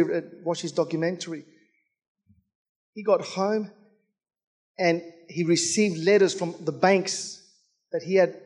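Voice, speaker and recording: A man's voice: high-pitched, a little mellow. A man preaching a fervent sermon as pastor, with rhythmic repetition and calls out to the congregation.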